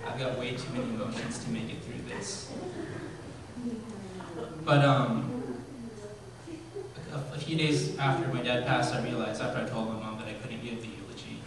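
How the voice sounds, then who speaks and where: A man in his forties giving a eulogy, telling stories about his father in a halting way with many ums. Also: medium pitch, steady tone, crowd noise. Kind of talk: eulogy told as personal stories. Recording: very echoey hall, voice from far off, faint ambience.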